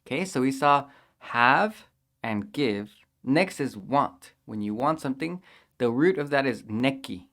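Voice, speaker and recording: A man teaching a language lesson, patiently repeating each phrase slowly and clearly for learners to copy. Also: mid-range voice, expressive, fairly bright tone.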